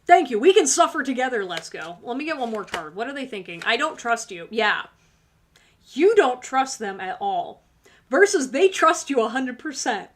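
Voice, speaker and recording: A woman's voice: fairly high pitch, big pitch swings, moderate pace. A woman hosting a tarot livestream, talking casually and sassily to her viewers and laughing often. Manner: sassy, laughs often, talks straight to viewers. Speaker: tarot reader and livestream host.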